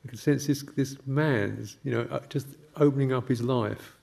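An older man, a Buddhist monk, giving a gentle, halting reflective talk with anecdotes and soft laughs. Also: medium pitch, vocal fry.

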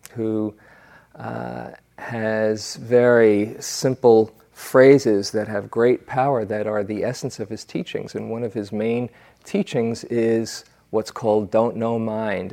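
A male meditation teacher gives a dharma talk at a slow, unhurried pace. His voice sits at a middle pitch and sounds reflective. He moves into stories easily and leaves natural pauses between thoughts. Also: creaky, a little mellow. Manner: unhurried, reflective storytelling with fillers.

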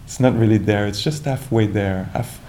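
A man giving a calm, reflective dharma talk as a meditation teacher, searching for words with many restarts and asides. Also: on the low side, normal speed, a little hiss or hum.

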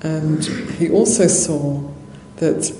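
In a monastery hall with roomy echo and faint noise, a Buddhist nun slowly tells a story in her dharma talk. Her voice is low, and she speaks conversationally, laughing softly and using many fillers.

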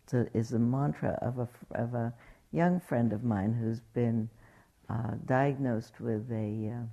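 A woman's voice: very deep voice, vocal fry, breathy edge, dull audio. A woman meditation teacher giving a dharma talk, telling stories in an anecdotal way and acting out quotes. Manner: warm anecdotal storytelling, acts out quotes.

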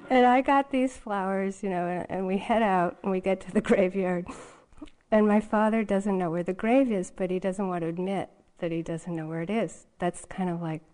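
A woman's voice: mid-range voice, fairly even intonation, normal speed, darkish tone. A woman meditation teacher giving a dharma talk, telling a personal story in a candid, rambling way full of fillers and restarts.

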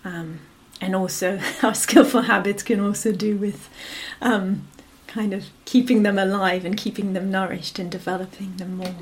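A woman meditation teacher giving a gentle, unhurried dharma talk, her phrases often fading to a whisper and punctuated by a soft "yeah". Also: medium pitch, fairly even intonation. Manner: frequent affirming "yeah" between phrases.

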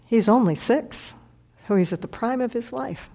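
A woman's voice: a little high, moderate pace, creaky, mellow. A middle-aged woman, a meditation teacher, telling a heartfelt personal story in a dharma talk and sometimes dropping to a whisper.

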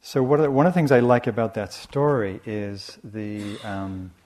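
A man giving a dharma talk as a meditation teacher, speaking softly and reflectively in a measured way. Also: fairly low pitch, fairly even intonation. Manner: soft, measured and reflective, with frequent restarts.

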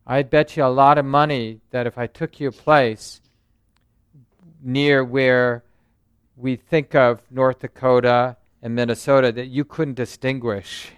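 A man who teaches meditation, giving a relaxed, conversational dharma talk and often checking in with "right?" and "you know". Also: medium pitch, a little slow, clear, resonant tone, dry recording, studio quality. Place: meditation center.

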